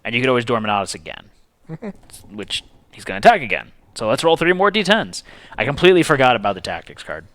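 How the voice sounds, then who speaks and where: A man hosting a streamed board game, his pitch leaping around as he talks. He reads rules and counts dice aloud in a chatty, easygoing way, recorded dry and close to the mic. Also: wildly swooping pitch, fast talker, fairly bright tone, no echo. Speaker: game host. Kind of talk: casual board game play over a stream.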